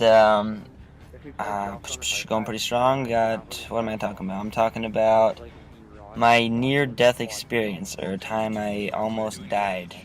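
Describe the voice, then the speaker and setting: A man's voice: on the low side, low-quality recording. A man vlogging from inside his car, telling a story in a casual, rambling, joking way, with car noise in the background. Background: passing car noise.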